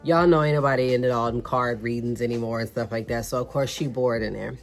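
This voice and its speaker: A woman's voice: extremely low pitch, fairly even intonation, quick pace, soft background music. A young adult woman vlogger, chatting to viewers in a casual voice-over and telling a funny story.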